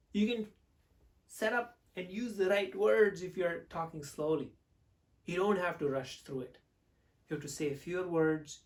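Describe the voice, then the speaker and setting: A man teaching public speaking to camera, expressive, swinging between loud and hushed delivery. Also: fairly high pitch, recorded from a distance.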